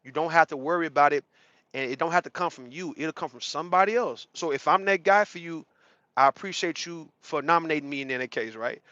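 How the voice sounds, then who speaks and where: Streamer type: blunt, profane man, higher-pitched and punchy, dry close sound. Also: fairly quick, bright, forceful tone, no echo, lo-fi sound. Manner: blunt, slangy and profane, greets chatters mid-rant. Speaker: livestream host. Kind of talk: casual livestream talk to chat viewers.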